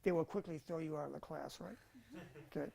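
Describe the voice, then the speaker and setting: A man's voice: a little high, a little fast, vocal fry, mellow. A man teaching a Bible college class in a casual lecture style, thinking aloud with fillers and restarts.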